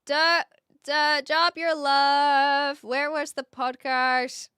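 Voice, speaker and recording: A woman's voice: high-pitched, level tone, drawn-out words, bright, forceful tone, no room sound, clean studio sound. A young woman livestreaming, chatting casually and rambling with lots of fillers while reacting to her chat. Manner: reads chat and reacts aloud.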